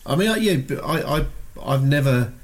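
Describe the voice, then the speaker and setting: A middle-aged man with a husky, slightly rough voice at an ordinary pitch. He talks bluntly and swears a lot, rambling through an anecdote with plenty of restarts. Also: animated, normal speed. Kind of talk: casual chat.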